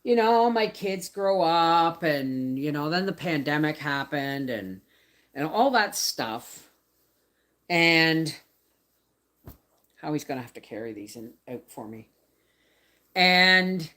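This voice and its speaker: A woman's voice: low voice, lively intonation, takes it slowly, long pauses, a bit bright. A woman in her fifties from Canada, chatting casually on a home live stream, rambling and answering viewers' comments. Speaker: homestead vlogger hosting a livestream. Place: home, by the laundry baskets.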